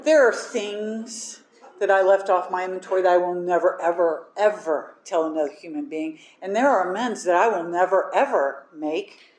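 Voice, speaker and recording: A woman's voice: on the low side, moderate pace, darkish tone, roomy sound. A woman telling a personal recovery story, speaking candidly and mocking herself with frequent laughs. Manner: candid, self-deprecating, laughs often. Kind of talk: personal testimony talk.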